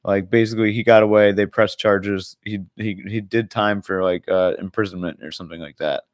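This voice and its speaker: A man's voice: lowish voice, steady tone, a little fast, no room sound, clean studio sound. A young man co-hosting a podcast, rambling in casual chat with lots of filler words and swearing. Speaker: podcast co-host.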